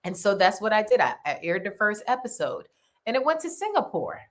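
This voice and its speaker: Lively, laughing woman telling stories. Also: medium pitch, fairly quick. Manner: animated, laughing storyteller. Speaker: author and podcaster, guest. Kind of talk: casual interview storytelling.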